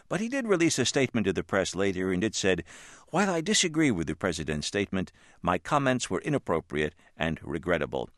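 A man reads a news feature with a wry, knowing tone. His voice sits very low but moves a great deal in pitch. The sound is dry and close, with no room around it. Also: no echo. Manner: wry, lively delivery. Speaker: news reporter. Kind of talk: scripted news narration.

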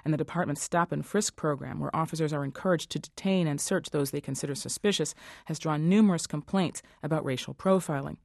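Woman news host, lower voice, formal measured read, dry studio sound. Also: vocal fry, a little mellow, dry recording. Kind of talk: scripted news presentation and interview.

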